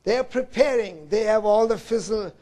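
A man preaching a sermon, swinging from loud emphasis to hushed low tones and often addressing his listeners as brothers and sisters. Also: brisk.

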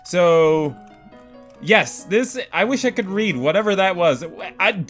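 An excitable, goofy man commentating his own gameplay, prone to sudden loud whoops. His voice sits a little high and swings widely in pitch. Faint game music plays underneath. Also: takes it slowly. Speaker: let's-play host.

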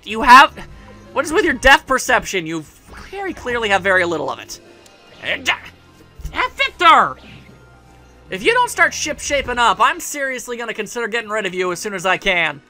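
A man's voice: very high voice, bright, forceful tone. A man giving casual let's play commentary, rambling and sarcastic, joking at the game's characters.

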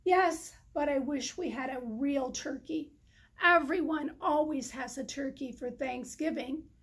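A woman reading the part of a wistful female moose in a children's story, in a gentle voice. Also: sits high, measured pace.

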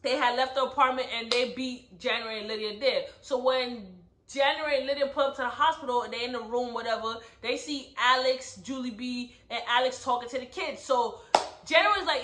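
A high, bright-voiced woman gives a casual recap of a book. She tells the story with animation and keeps checking in with listeners. The room sounds echoey. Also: brisk. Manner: animated storyteller, asks "right?" often. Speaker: book club host. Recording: roomy echo.

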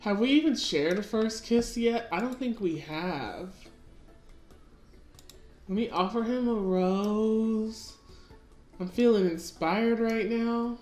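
Her voice sits a little high and a little mellow, animated but slow, with long pauses as she chattily narrates her gameplay and addresses her characters. She's a let's-play gamer recorded in an echoey room with faint music playing.

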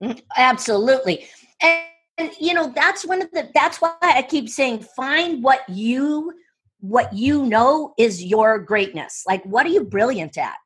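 A woman speaking coach telling stories in an interview, excitable and full of quick restarts and asides. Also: sits high, breathy edge, soft background music. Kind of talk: enthusiastic interview storytelling.

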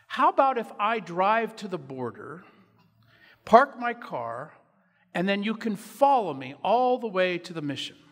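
A calm, helpful male friend offering a plan in an easygoing, matter-of-fact way, his fairly high voice echoing through a large church, as a preacher quotes him. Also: unhurried, full character voice.

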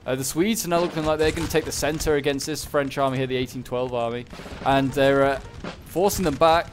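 A man's voice: mid-range voice, fairly even intonation, a little fast, soft background music. A man giving casual, rambling commentary over a strategy game battle, with lots of fillers and restarts. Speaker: gameplay commentator.

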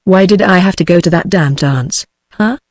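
A synthetic British female text-to-speech voice reading the lines of a feverish, short-tempered man in a flat, even tone. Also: lowish voice, normal speed, no room sound, clean studio sound. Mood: weary.

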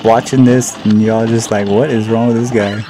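A man's voice: on the low side, little pitch movement, normal speed, background noise. A man casually commenting on his own gameplay, joking at himself and repeating words as he plays. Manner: jokey, self-mocking, repeats words. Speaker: gaming channel host. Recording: game music playing behind.

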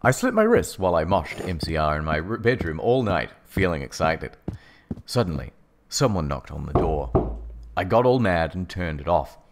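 A man narrating a comic reading in a deadpan, sarcastic style. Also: low-pitched, moderate pace, slight background noise. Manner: deadpan delivery of absurd text, sarcastic. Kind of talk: mock-dramatic comedic reading.

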